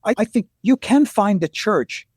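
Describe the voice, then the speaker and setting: A man talking as a guest author in a casual interview, animated, joking and blunt. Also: high-pitched, moderate pace, slightly rough, no echo, studio quality.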